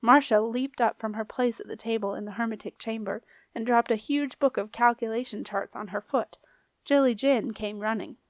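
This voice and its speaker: A woman narrating a children's fantasy audiobook in a clear, expressive manner. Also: fairly high pitch, normal speed, dry recording. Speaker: audiobook reader. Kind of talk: storybook narration.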